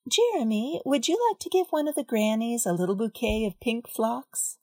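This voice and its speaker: A woman reading a story aloud, voicing a kind, gentle mother of a little girl in a soft coaxing way. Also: fairly high pitch, big pitch swings, normal speed, husky, no room sound, studio quality, full character voice.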